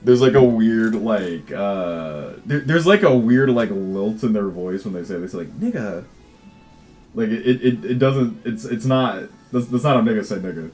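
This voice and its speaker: A man's voice: on the low side, normal speed, hardly any pauses, a little mellow, faint music behind. A man chatting casually on a livestream while he codes, swearing, laughing easily and often restarting his words. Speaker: game developer livestreaming.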